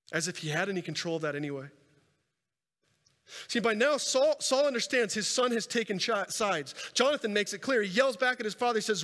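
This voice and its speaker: A man preaching a sermon and telling a scripture story with animated delivery, swinging between loud and soft and repeating words as he goes. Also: sits high, normal speed. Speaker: pastor. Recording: reverberant hall sound.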